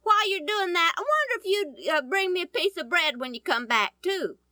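A woman's voice: very high-pitched, big pitch swings, brisk, pushed and bright, dry recording, clean studio sound, pitched above the performer's own voice, heavily acted. A woman voicing the prophet Elijah, a polite but bold grown man asking courteously in a storytelling reading. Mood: politely asking.

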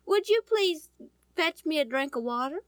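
A woman's voice: sits high, lively intonation, normal speed, dry recording, studio quality, pitched above the performer's own voice. A woman voicing the prophet Elijah, a polite but bold grown man asking courteously in a storytelling reading. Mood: politely asking.

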